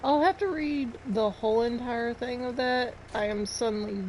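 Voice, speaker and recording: A woman's voice: on the high side, normal speed, few pauses, darkish tone, slight background noise, rough recording. A woman streaming a farming game, chatting casually and rambling to her viewers. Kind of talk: casual live-stream chat while playing.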